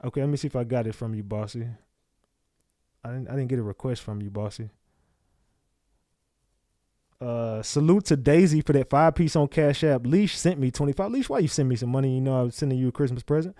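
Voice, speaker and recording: A man's voice: medium pitch, fast talker, dark tone, dry recording, studio quality. Slangy man hosting a livestream. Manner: loose, slangy, calls out chat names. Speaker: livestream host. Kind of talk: casual livestream chat with viewers.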